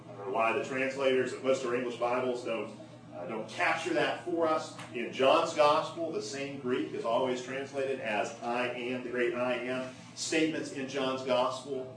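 A man preaching a sermon, who slows down and leans into key phrases for emphasis. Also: mid-range voice. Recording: echoey room, mic at a distance.

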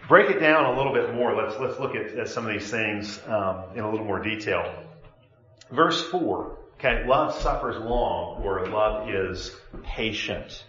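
A man with a low voice teaches a Bible lesson in a classroom and keeps asking his students questions. The room is echoey and the recording sounds dull and lo-fi. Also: lively intonation, unhurried, bright, forceful tone. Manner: conversational, asks the class questions.

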